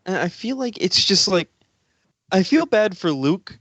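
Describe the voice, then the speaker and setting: A man co-hosting a podcast, telling stories lively and profanely in casual chat. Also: high-pitched, a little slow, no room sound. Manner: lively storytelling with quoted voices. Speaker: podcast co-host. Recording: dry, dull lo-fi podcast audio.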